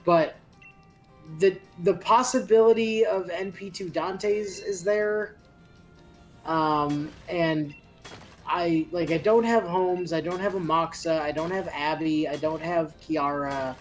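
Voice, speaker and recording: Co-host, halting, thinking aloud, soft music behind. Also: mid-range voice. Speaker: podcast co-host. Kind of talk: casual gaming podcast chat. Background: faint background music.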